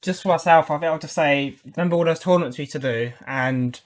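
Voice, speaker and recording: A man hosting a casual podcast, relaxed as he wraps up the chat. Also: fairly high pitch, quick pace. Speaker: podcast host.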